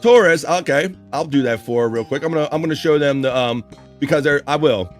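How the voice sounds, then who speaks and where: A man's voice: on the high side, brisk, soft background music. A man hosting a casual livestream, joking and teasing, laughing often. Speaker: livestream host.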